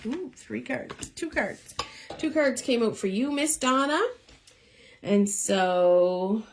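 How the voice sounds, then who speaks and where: A woman's voice: on the high side, animated, slow. A middle-aged woman giving live one-card tarot readings, chatty and encouraging, talking straight to her viewers. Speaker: tarot reader.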